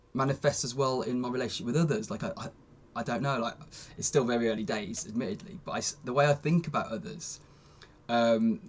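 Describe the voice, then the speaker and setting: A young man vlogging a casual, rambling monologue, with lots of fillers and restarts. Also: medium pitch.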